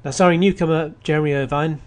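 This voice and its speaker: Fairly high-pitched yet darkish, this man talks fast in a steady tone while hosting a radio film show. His casual review mixes plot summaries with wry asides and frequent restarts.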